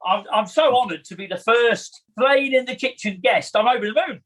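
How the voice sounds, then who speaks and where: A man's voice: very high-pitched, brisk, a bit bright. A man, a podcast guest talking in a chatty, rambling, self-deprecating way. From United Kingdom. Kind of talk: casual chat.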